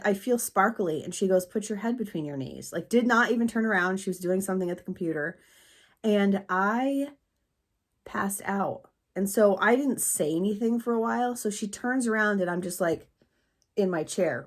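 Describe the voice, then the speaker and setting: Candid, rambling woman vlogger with a low voice. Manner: candid, rambling, profane humor. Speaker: small business owner and potter. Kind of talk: casual vlog chat and storytelling.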